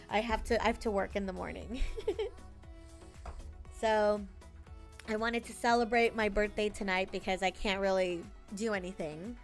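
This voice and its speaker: Woman streamer, chatty and giggly, talking to her live chat over quiet background music. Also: medium pitch. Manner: chatty, laughs often, thanks chat by name.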